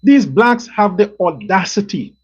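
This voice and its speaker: A man's voice: high-pitched, animated, a little slow, a little mellow, slightly rough. Combative man ranting. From Guyana. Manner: combative, profane, repeats and stresses words. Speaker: show host. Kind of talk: angry political rant. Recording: dull lo-fi recording.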